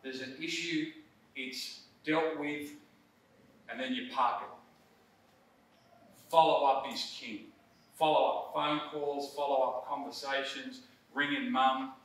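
A man's voice: mid-range voice, steady tone, slow pace, pauses often, fairly bright tone. A middle-aged man presenting a coaching workshop in a conversational, emphatic way, often checking in with "right?". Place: presentation room. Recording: roomy hall, distant mic, faint noise.

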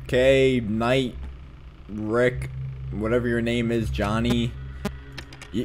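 A man's voice: mid-range voice, flat delivery, slow, long pauses, a little hiss or hum. A man casually commenting over gameplay, loose and slangy. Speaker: gaming channel host.

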